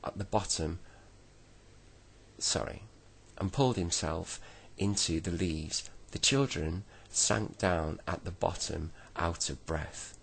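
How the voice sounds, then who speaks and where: A man reading a bedtime story aloud gently, now and then correcting himself. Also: low voice, takes it slowly, vocal fry, slightly rough, rough recording.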